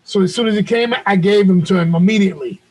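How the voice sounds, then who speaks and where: A man hosting a show over a video call, telling a story in a loud, profane, animated way. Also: sits high, quick pace, poor audio. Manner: loud, profane, animated retelling with acted quotes. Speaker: podcast host.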